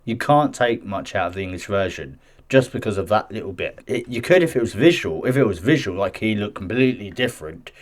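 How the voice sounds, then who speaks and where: Man, low-ish voice, casual gaming news commentary, reads an article with chatty asides, stumbles and restarts. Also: expressive, fairly quick. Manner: chatty and defensive, stumbles and restarts while reading. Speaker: gaming news channel host. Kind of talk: casual commentary mixed with reading news aloud.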